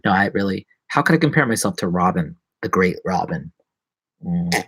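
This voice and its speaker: A man's voice: low-pitched, animated, normal speed, fairly bright tone, breathy edge, dry recording. A man talking casually on a live stream, rambling and joking at himself with many restarts. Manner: rambling, self-mocking, many restarts and asides.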